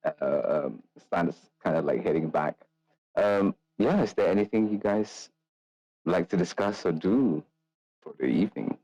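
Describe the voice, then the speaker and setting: A man with a fairly low voice narrates a tabletop game as its game master. The sound is dry and close to the mic. He talks loosely, with plenty of fillers. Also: lively intonation, a little slow, mellow, slightly rough, dry recording, lo-fi sound. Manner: narrates with many fillers, voices characters higher.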